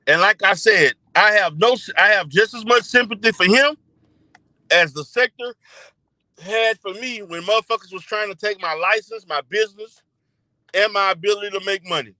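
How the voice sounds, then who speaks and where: A man's voice: high voice, normal speed, pushed and bright, dry recording, low-quality recording. A man streaming a scornful, profane rant about another streamer. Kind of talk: ranting commentary.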